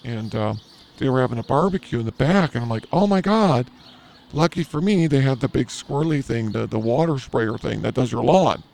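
A man's voice: medium pitch, expressive, fairly quick, gravelly, darkish tone. A man hosting a podcast, telling a crude story in a rambling, self-mocking comedic way. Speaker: podcast host.

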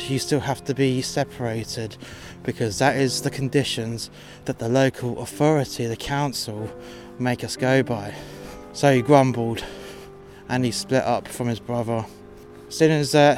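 Bloke ranting about a customer, blunt and sweary, music going in the background. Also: male voice, medium pitch. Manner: blunt, sweary, exasperated retelling. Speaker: podcast host telling work stories. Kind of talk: casual storytelling monologue.

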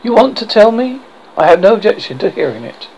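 A reader voicing a dry, teasing middle-aged husband who answers calmly. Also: mid-range voice, a little fast, a little hiss or hum, pitched above the performer's own voice, rough recording. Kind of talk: audiobook character reading.

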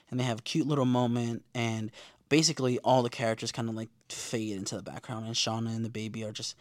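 A man in casual recap mode, talking fast and loose with slang and jumping into quick impressions of the characters. His pitch sits mid-range, and the sound is dry and close with no room around it. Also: no echo. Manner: animated, slangy, acts out quotes. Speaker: show recapper.

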